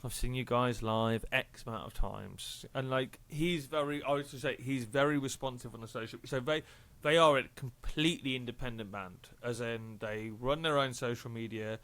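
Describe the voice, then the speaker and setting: A man's voice: medium pitch, moderate pace, hardly any pauses, a bit bright. A man co-hosting a music podcast in casual chat, rambling and joking with lots of fillers and restarts. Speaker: podcast co-host.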